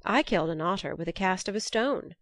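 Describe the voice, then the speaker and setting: A woman voicing a sly, mischievous male trickster god with a sharp, mocking way of speaking. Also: medium pitch, animated, fairly quick, no room sound, natural voice. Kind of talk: storybook reading.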